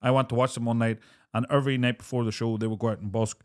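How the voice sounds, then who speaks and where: A man's voice: mid-range voice, level tone, quick pace. A man hosting a podcast, asking long, rambling questions in casual chat. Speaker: podcast host.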